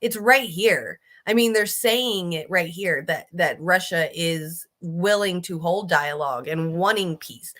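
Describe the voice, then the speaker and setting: A woman's voice: lowish voice, normal speed, hardly any pauses, bright, forceful tone. A woman giving casual, blunt political commentary, emphatic and swearing freely, often restarting her sentences. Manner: restarts and fillers, riled up.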